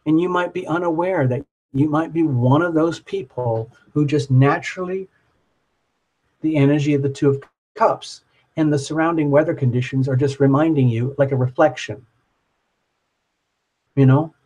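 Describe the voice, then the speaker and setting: A man's voice: medium pitch, a little mellow, rough recording. A man hosting a live tarot reading, talking in a rambling, dreamy way full of "like" and "you know".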